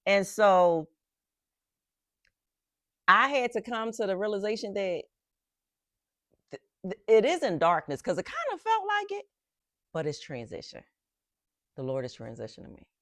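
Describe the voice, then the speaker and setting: A middle-aged woman from Philadelphia hosting a podcast, reflecting on faith and rest with animated storytelling and emphatic repetitions. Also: mid-range voice, measured pace, long pauses, dry recording, clean studio sound. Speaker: podcast host.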